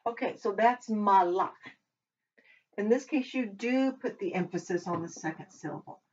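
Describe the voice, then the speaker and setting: A woman teaching a language lesson who talks while she writes, pausing and correcting herself as she goes. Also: mid-range voice, animated, a little mellow, breathy edge. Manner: talks while writing, with pauses and self-corrections. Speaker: Hebrew teacher. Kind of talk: slow, patient lesson at a whiteboard. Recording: dull lo-fi recording.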